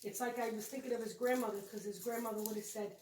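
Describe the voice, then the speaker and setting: A woman's voice: a little high, fairly even intonation, quick pace, darkish tone, a little hiss or hum. A woman chatting casually and rambling a bit while showing holiday decorations in her home vlog. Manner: rambling, chatty, self-correcting. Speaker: co-host of home decorating channel. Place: home room with decorated tree. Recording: echoey room, mic at a distance.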